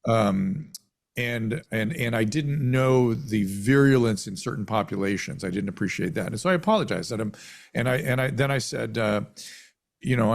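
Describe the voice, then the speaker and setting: A man around seventy, a physician, telling his story in an interview, halting with many restarts and self-corrections. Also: fairly low pitch, creaky. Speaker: physician guest.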